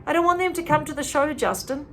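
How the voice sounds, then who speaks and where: A woman's voice: sits high, lively intonation, a little hiss or hum, pitched above the performer's own voice. A woman reading as a tearful, defensive teen girl. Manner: quick, pleading, emotional.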